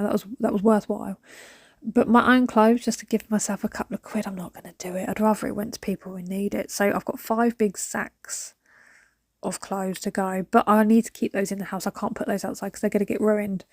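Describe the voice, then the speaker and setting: A woman chatting casually to the camera while she declutters, rambling and sometimes dropping to a soft whisper. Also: medium pitch, slightly rough, dry recording, studio quality. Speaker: vlogger.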